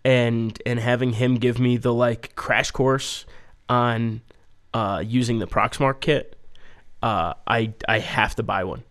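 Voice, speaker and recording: A man's voice: steady tone, takes it slowly, a bit bright. Laid-back man swapping road stories. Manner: loose, rambling storytelling with frequent swearing and fillers; mimics people's voices in a high, singsong pitch when quoting. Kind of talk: casual chat, telling travel stories.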